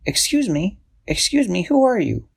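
A polite, caring young friend in a storybook, voiced higher than the reader's own husky tone by a man. The lines come out bright and lively, gently coaxing. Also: moderate pace, heavily acted.

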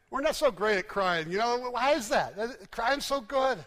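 A man preaching a sermon, telling stories emphatically and dropping to hushed, low endings. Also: lively intonation, a little slow. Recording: long hall reverb.

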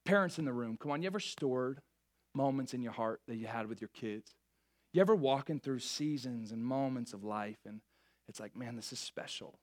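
A young man preaching a sermon, lively and joking with the crowd, often stumbling over and restarting his words. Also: mid-range voice, moderate pace. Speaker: pastor.

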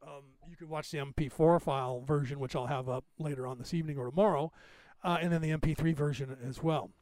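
A man's voice: a little high, steady tone, quick pace, a little mellow, dry recording. A man in his fifties hosting a podcast, rambling casually through anecdotes and laughing often. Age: 50s. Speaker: podcast host.

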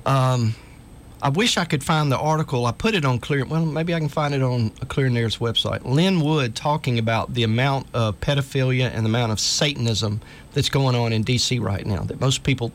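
A man's voice: medium pitch, normal speed, a little hiss or hum. A man hosting a talk radio show, speaking in an earnest, urgent way and reading articles aloud to listeners.

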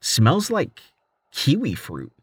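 A man's voice: mid-range voice, huge pitch swings, takes it slowly, breathy edge, dry recording, pitched above the performer's own voice, full character voice. A man voicing a playful young male adventurer in armor, in a casual, everyday voice. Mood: joking.

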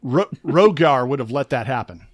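A man co-hosts a podcast, enthusiastically and casually recapping an episode of an actual-play tabletop game, adding little mouth sound effects as he tells it. His voice is medium-pitched and expressive, at a moderate pace.

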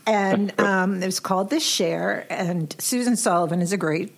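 A woman's voice: mid-range voice, moderate pace, vocal fry. A woman hosting a casual interview, chatty and effusive, laughing often. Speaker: host.

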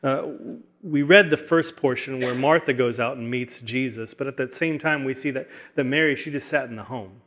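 A man's voice: medium pitch, normal speed, few pauses, fairly bright tone. Earnest man preaching a sermon. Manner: earnest, with frequent restarts and repeated words. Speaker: pastor.

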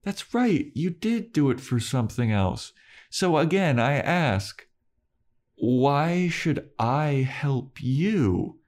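Guy doing a dry passive-aggressive older man, drawn out and pitched up. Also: wildly swooping pitch, measured pace, darkish tone, exaggerated voice. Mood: spiteful. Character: stern middle-aged man, dry and spiteful. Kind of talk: recap impression.

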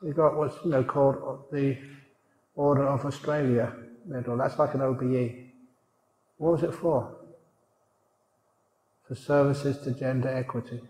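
Slow-talking male monk in echoing hall. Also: medium pitch, fairly even intonation, a little mellow. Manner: jokey, chuckling, asks the audience questions. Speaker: monk teacher. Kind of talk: humorous sermon with stories. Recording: roomy hall reverb.

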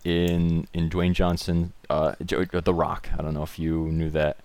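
A man's voice: sits low, flat delivery, moderate pace, darkish tone, clear, resonant tone. A man chatting casually and joking, rambling through bits and doing goofy impressions. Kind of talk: casual chat.

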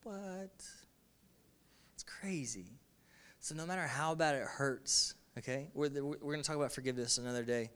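A man's voice: medium pitch, steady tone, fast talker, few pauses, fairly bright tone, clean tone. A male pastor giving a sermon to a congregation, talking in an emphatic, repetitive, conversational way. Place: in front of a congregation.

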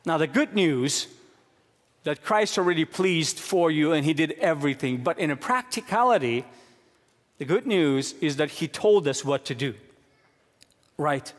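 A man's voice: animated, measured pace, long pauses. Earnest male preacher in a reverberant hall. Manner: earnest preaching, swinging between hushed low stretches and raised emphatic questions. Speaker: pastor. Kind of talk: sermon.

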